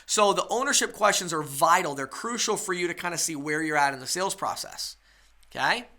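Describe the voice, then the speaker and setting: A man's voice: on the high side, animated, a little fast, bright, forceful tone. A man teaching a webinar sales lesson, coaching his listeners and checking in with rhetorical questions. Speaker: sales trainer.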